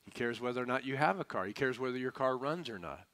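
Bright, emphatic male preacher. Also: medium pitch, lively intonation, fast. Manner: emphatic, calls for audience responses; folksy and humorous. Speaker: pastor. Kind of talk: sermon.

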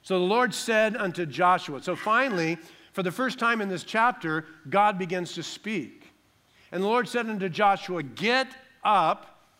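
Impassioned preacher, man, fairly high voice. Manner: impassioned, swings between loud pleading and quiet earnest talk; acts out prayers and quoted voices. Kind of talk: sermon.

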